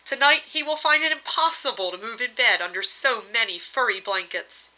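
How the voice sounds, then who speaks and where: A woman reading aloud, voicing a regal goddess wife who is doting but reproachful, in a bright voice. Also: fairly high pitch, moderate pace, pitched above the performer's own voice, poor audio. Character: regal goddess wife, fussy and sweetly demanding.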